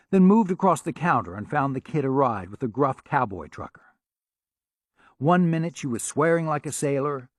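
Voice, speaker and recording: A man narrating an audiobook in a measured, wry storytelling manner. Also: mid-range voice, dry recording, studio quality. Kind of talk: scripted narration.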